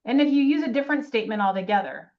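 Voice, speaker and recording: A woman's voice: a little high, expressive, rapid-fire. Chatty woman presenter on a webinar, sounds far off and kinda muffled. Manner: chatty, storytelling with asides. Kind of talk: casual online training talk. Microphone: video call. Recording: distant, dull lo-fi call audio.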